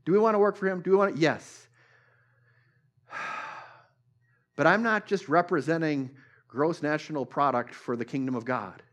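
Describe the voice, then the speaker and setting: A male pastor preaching a sermon at a church service, repeating phrases for emphasis and swinging between loud and hushed. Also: a little high, moderate pace, long pauses.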